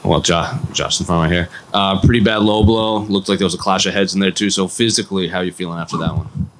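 Male reporter, low-pitched, rapid, run-on questions. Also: steady tone, slight background noise. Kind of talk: press conference questions.

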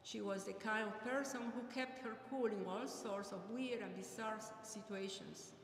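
A middle-aged woman from Peru, delivering an earnest, measured memorial eulogy. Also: medium pitch. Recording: echoey hall with long reverb, faint ambient noise.

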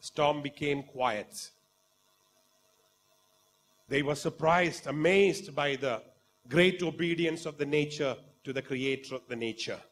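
A man with an Indian English accent preaching a sermon, fervent and dramatic, swinging from quiet talk to loud exclamations. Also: a little high, takes it slowly, pauses often, slight background noise. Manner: acts out quoted voices in the story.

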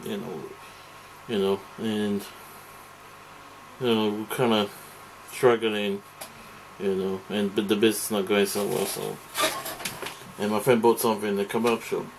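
A man's voice: fairly low pitch, little pitch movement, measured pace, vocal fry, long pauses, noisy background. A man delivering a rambling, profane, aggrieved rant to camera as a vlogger. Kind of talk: ranting monologue to camera.

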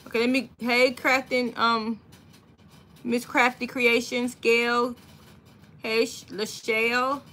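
A woman's voice: fairly high pitch, level tone, takes it slowly, pushed and bright. A woman hosting a casual craft livestream from home, chatty and greeting viewers one by one by name. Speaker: livestream host.

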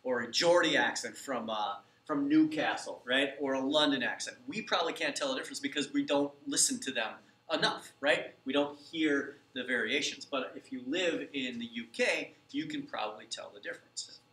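Co-teacher who keeps asking "right?". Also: male voice, medium pitch, normal speed, hardly any pauses, bright, forceful tone, reverberant, far from the mic, poor audio. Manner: conversational, often adds "right?". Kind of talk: classroom lecture.

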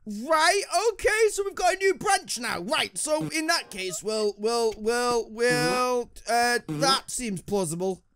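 Sarcastic British gamer swearing at a game. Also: male voice, extremely high pitch, lively intonation, slow, hardly any pauses, a bit bright. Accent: British English. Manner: sarcastic, swears, talks to himself. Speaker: gaming YouTuber. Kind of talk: let's play commentary. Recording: game music behind.

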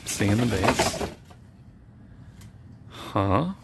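Joking man with a lively voice. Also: lowish voice, extremely slow. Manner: joking, teasing, enthusiastic. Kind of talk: casual unboxing chat. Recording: noisy home recording.

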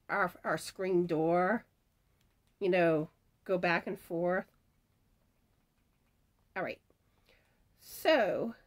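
A middle-aged woman, chatting at home as she reads viewer comments and announces giveaway winners, often laughing. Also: mid-range voice. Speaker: crochet channel host announcing giveaway winners. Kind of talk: casual chat, reading viewer comments aloud. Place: at home, screen door rattling in the wind.

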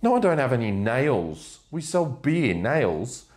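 A man's voice: mid-range voice, very animated, takes it slowly, a little mellow, pitched above the performer's own voice. A man playing a short-tempered male barman who grows exasperated with a pesky customer. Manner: exasperated, scolding.

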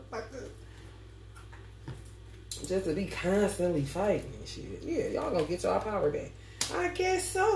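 Animated woman tarot reader in an echoey room. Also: on the low side. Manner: animated, laughs often, heavy swearing. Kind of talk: casual, profane storytelling to viewers. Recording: roomy echo, mic at a distance, faint background noise.

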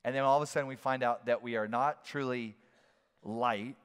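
A man preaching a sermon as a pastor, animated and playful, now and then acting out shouted voices. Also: medium pitch, normal speed, smooth. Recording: long hall reverb.

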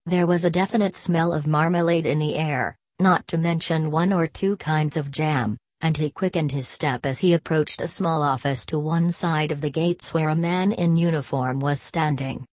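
A woman reading a children's story aloud in a measured, expressive way. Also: sits low, dry recording. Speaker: audiobook reader. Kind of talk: storybook narration.

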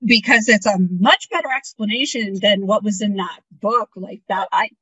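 A woman's voice: medium pitch, moderate pace, sharp tone, breathy edge, no echo. A woman co-hosting a casual fan podcast, giving incredulous, exasperated commentary. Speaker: podcast co-host. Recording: dry, dull lo-fi audio.

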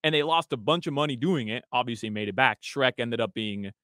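A man's voice: medium pitch, lively intonation, a little fast, bright, forceful tone, dry recording, clean studio sound. A man on a radio show telling stories in casual chat, laughing often. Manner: chatty storyteller, laughs often.

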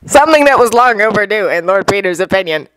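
A woman's voice: mid-range voice, expressive, quick pace, a bit bright, slight background noise. A woman reading fanfiction aloud as an audiobook, sometimes restarting lines. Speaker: fanfiction reader. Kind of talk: audiobook narration.

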